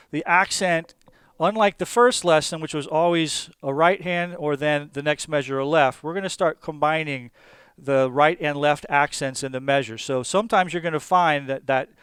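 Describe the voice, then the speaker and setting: A man teaching a drum lesson, explaining patterns step by step in a calm, methodical way with small fillers. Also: on the high side, smooth, no echo. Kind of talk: instructional explanation.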